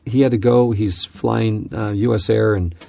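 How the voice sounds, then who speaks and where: A man teaching from scripture on a podcast, telling a personal story in an earnest, animated way. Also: on the low side, moderate pace, vocal fry. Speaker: Bible teacher and podcast host.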